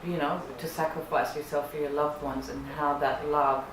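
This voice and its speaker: A woman film producer speaking in a measured, reflective way in an interview. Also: deep voice, level tone, a crowd in the background. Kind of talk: casual interview. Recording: echoey room, distant mic, background noise.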